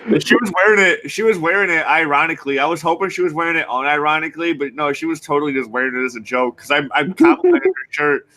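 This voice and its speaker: A man's voice: on the high side, animated, fast, hardly any pauses, sharp tone. A man hosting a podcast in a casual way, reading out live chat and laughing easily.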